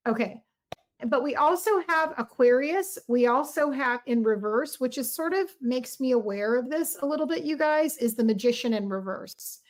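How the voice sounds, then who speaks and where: A woman's voice: high voice, lively intonation, normal speed. A middle-aged woman giving a casual tarot reading on a livestream, chatty and effusive, speaking straight to her viewers. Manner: chatty, warm, effusive, talks to viewers directly.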